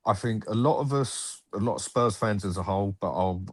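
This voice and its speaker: A man's voice: fairly low pitch, a little fast, no room sound. A man, a football YouTuber, talking bluntly on a live stream and often repeating himself.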